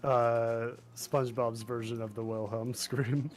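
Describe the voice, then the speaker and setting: A man's voice: mid-range voice, level tone, slow, a little mellow. Man, gaming stream, explanatory, laughs a lot, faint music behind. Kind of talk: casual gaming stream chat.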